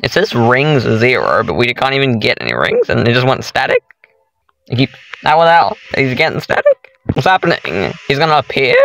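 Playing a horror game on his channel, this male YouTuber gives let's play commentary, calling his viewers guys and exclaiming in alarm at each scare. His voice is mid-range, sing-song, creaky and a bit bright, with a brisk pace, on a low-quality recording.

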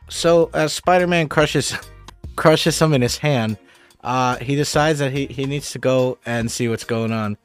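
A man's voice: mid-range voice, measured pace, smooth, faint music behind. A man casually recapping a TV episode, rambling and swearing, with lots of fillers and restarts. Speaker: show recap host.

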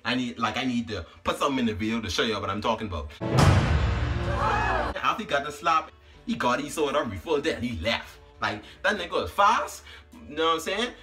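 A man casually telling a story to his vlog audience, slangy and animated, always asking "you know what I'm saying". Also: medium pitch, fairly quick, far from the mic, over loud music.

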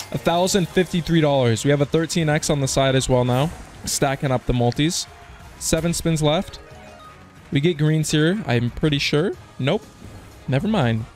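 A man giving live gambling commentary as a slots streamer, casual and slangy, swearing and bursting into yells on big hits. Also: on the high side. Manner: casual slang, keeps saying "dude" and "man".

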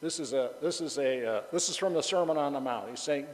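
A male pastor delivers a relaxed, conversational sermon in a mid-range voice. He jokes and banters with his congregation, and the words ring out with a long reverb through the hall. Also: mid-range voice, a little fast. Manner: chatty and joking, banters with the congregation.

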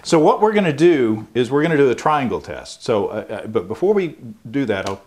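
A man's voice: medium pitch, very animated, fairly quick, a little mellow. A man hosting a home brewing show, explaining in a rambling casual way with many fillers and restarts. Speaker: show host. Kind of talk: casual chat.

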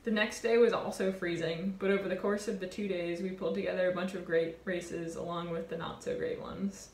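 A woman in her twenties, a college sailor, telling a reflective personal story in an earnest, warm way. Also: on the low side, steady tone, fairly quick, roomy sound, a little hiss or hum. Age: 20s. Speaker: college sailor and award winner.

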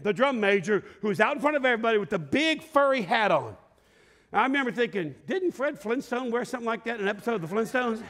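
A middle-aged man preaching a sermon, telling a story with lively shouts and laughter. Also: high-pitched. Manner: animated storyteller, acts out scenes with shouts and laughter. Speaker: pastor. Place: large church sanctuary. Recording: long hall reverb.

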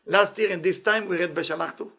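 Husky, gravelly-voiced man preaching. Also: high voice, fast talker. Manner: animated, acts out voices with laughs and exclamations. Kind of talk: sermon.

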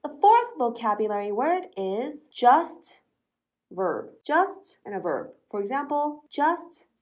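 Lady teaching english, slow and clear, spells stuff out, bit high voice. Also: sing-song. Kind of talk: English lesson.

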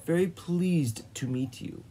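A man's voice: a little high, measured pace, mellow, a little hiss or hum, voice pushed up, natural voice. A man reading the lines of a sarcastic, frustrated young woman in a storybook. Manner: sarcastic, snappish.

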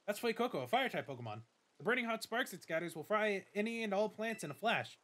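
A man's voice: high voice, lively intonation, fast, fairly bright tone, pitched above the performer's own voice. A man voicing a formal, slightly pompous older male academy director while reading game dialogue aloud.

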